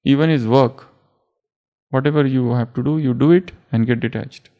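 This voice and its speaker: A man giving a spiritual discourse as a teacher, unhurried and repeating words for emphasis. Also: mid-range voice, dark tone.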